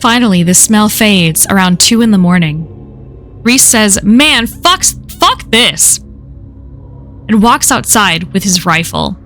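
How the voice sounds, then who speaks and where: A woman's voice: mid-range voice, normal speed, a bit bright, soft background music. Woman casually reading a horror story. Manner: casual, profane first-person telling. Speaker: story reader.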